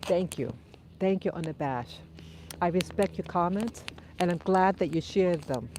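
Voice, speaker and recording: Out on a dog walk, a woman hosting a livestream answers her viewers' comments through her phone in a relaxed, unhurried way. She speaks thoughtfully in a mellow, lowish voice despite a runny nose, with a little outdoor ambience behind her.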